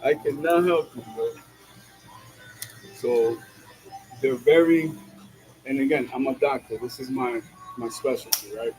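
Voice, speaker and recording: A man's voice: mid-range voice, unhurried, long pauses, a little mellow, poor audio. A man in a casual monologue, slangy and full of "yo", laughing often as he talks while driving. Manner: slangy, peppered with "yo" and "you know what I'm saying"; laughs often between lines. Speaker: vlogger. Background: music.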